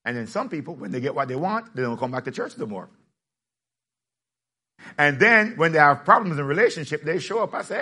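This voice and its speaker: A man preaching a sermon in a lively, plainspoken way, joking with his congregation and rising to shouts. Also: on the high side, fairly quick, long pauses. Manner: plainspoken, casual phrasing. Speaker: pastor.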